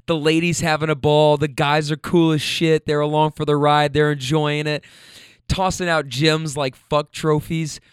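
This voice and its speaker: A man who hosts a podcast and drives rideshare, telling a profane, animated story in a casual monologue. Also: on the high side, smooth, dry recording, studio quality.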